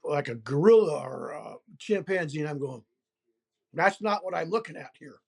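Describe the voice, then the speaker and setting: A man telling his own story as an interview guest, animated and emphatic, with pauses and fillers. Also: sits high. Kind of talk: first-person storytelling.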